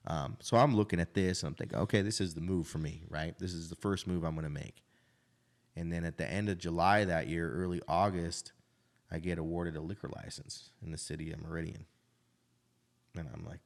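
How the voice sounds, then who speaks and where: A man's voice: low voice, fairly quick, creaky. A man in his thirties, a restaurant owner, telling his life story in casual, frank conversation and often adding "right?". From Idaho.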